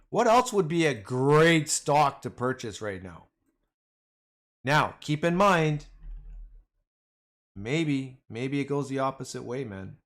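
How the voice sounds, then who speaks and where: A man livestreams about the stock market in a medium-pitched voice, responding to his viewers. His commentary is excitable, slangy and casual.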